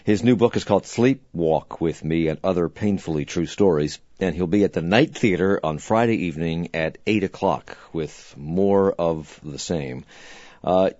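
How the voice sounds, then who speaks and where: Deep-voiced male radio host. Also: moderate pace, a little mellow, no echo, lo-fi sound. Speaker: radio talk show host. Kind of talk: radio interview.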